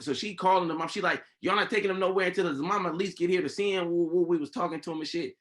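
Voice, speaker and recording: Animated storyteller man, podcast host. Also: high-pitched, fast talker, few pauses. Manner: animated storytelling, acts out quoted people. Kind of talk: casual chat.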